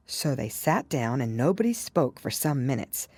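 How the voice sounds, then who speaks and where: A woman narrating an audiobook in a measured storytelling manner. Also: very deep voice, sing-song, darkish tone, husky, no room sound. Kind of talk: scripted narration.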